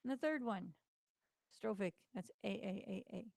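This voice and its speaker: A woman's voice: mid-range voice, a little slow, creaky, a little mellow, dry recording. A tired woman teacher giving a casual recorded lesson, talking informally with lots of fillers. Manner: chatty, informal, many fillers.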